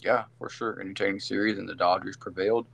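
A man's voice: deep voice, steady tone, fast talker, gravelly, dry recording. A man co-hosting a casual sports podcast, rambling through game recaps with lots of fillers and self-corrections. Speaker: podcast co-host.

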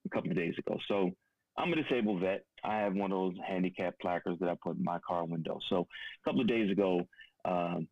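A man's voice: deep voice, no echo, dull audio. A man co-hosting a podcast, talking in a blunt, profane, casual way and telling a personal story. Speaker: podcast co-host. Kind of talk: casual conversation.

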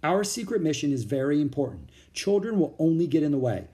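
A grave army captain who gives firm orders and weighty requests. A man reading the story puts him on. His voice is dark and mellow, and it rises and falls with feeling. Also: a little high, sing-song, a little fast. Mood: stern. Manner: stern, ordering. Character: stern, solemn soldier captain, grown man. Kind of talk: audiobook character voice.

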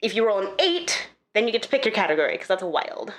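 A woman co-hosting a podcast in casual chat, upbeat and quick to laugh. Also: mid-range voice, very animated. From Idaho, USA. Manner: laughs often, chatty and upbeat. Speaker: podcast co-host.

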